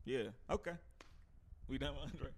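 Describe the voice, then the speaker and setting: A man co-hosting a podcast in loose casual chat, animated and laughing often. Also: mid-range voice, normal speed, husky. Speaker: podcast co-host.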